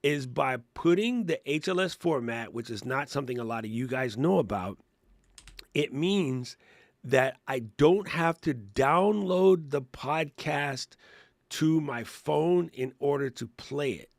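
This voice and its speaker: A man's voice: mid-range voice, expressive, measured pace, dry recording. A middle-aged man co-hosting a podcast, chatting casually and laughing as he explains things step by step. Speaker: podcast co-host. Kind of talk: casual tech and creator chat.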